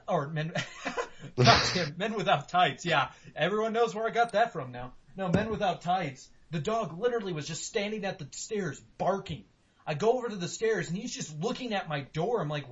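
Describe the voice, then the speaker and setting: A young man hosts a casual podcast in a rambling, profane, animated way, his pitch swinging widely over a slightly raised voice. His tone is husky. The audio is dull and lo-fi. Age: young adult. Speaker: podcast host.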